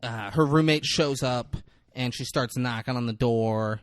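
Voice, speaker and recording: A man's voice: mid-range voice, unhurried, no echo. Man casually recapping a movie, dry mic. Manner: retells scenes with excited acted-out quotes, swears freely. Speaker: podcast co-host.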